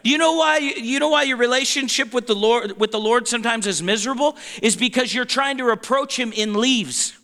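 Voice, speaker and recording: A man preaching a sermon in an animated, emphatic way, with playful asides. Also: extremely high pitch, fairly quick, few pauses.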